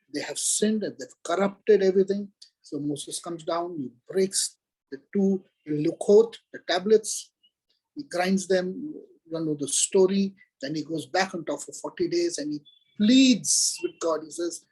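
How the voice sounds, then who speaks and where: Husky man teaching Torah. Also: high-pitched, a little mellow, low-quality recording. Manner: earnest, retells scripture with quoted dialogue. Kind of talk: Torah lecture.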